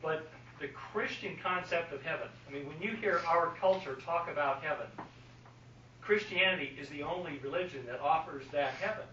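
A man's voice: fairly high pitch, moderate pace, bright, forceful tone, slight background noise. A man asking curious questions in a casual group discussion. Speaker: discussion participant. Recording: echoey room from far off, dull lo-fi sound.

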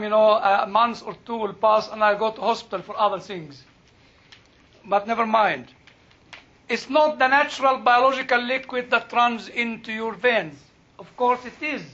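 In this informal Bible talk, a man who teaches the Bible speaks slowly in a very high, bright voice, often hunting for words in English. The recording is lo-fi with a dull quality.

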